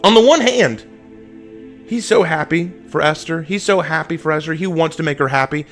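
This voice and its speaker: A man's voice: fairly high pitch, normal speed, a bit bright, faint music behind. A man teaching a Bible study dramatically, acting out scenes in voices.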